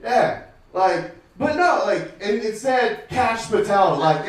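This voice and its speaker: Male stand-up comic, slightly high voice, loose filler-heavy delivery, booming room from far off. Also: animated, takes it slowly, very echoey, slight background noise. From United States. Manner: casual, rambling delivery with many fillers. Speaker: stand-up comedian. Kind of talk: stand-up comedy set. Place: comedy club stage.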